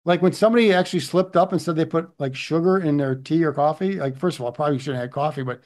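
A middle-aged pastor preaches a sermon conversationally, often checking in with "right?" asides. His voice is a little high and a little mellow, and he talks fast.

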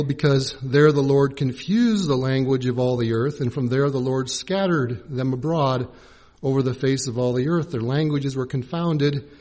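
A man preaching a sermon in a measured, teaching way, pausing to spell out original-language words. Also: on the high side, darkish tone. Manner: measured, spells out Greek and Hebrew words letter by letter.

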